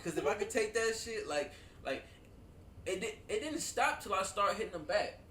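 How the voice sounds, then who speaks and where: A man casually telling childhood stories to friends, animated and profane, laughing often and saying "dude" a lot. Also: high-pitched, moderate pace, far from the mic, slight background noise. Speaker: storyteller among friends. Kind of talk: casual chat. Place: at home with friends over wine. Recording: roomy, away from the mic.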